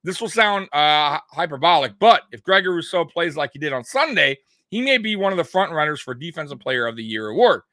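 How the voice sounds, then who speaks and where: A young man hosting a fan sports show, talking casually and ranting in an animated way, swearing now and then. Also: on the high side, fairly quick, hardly any pauses, dry recording, clean studio sound. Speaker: sports podcast host.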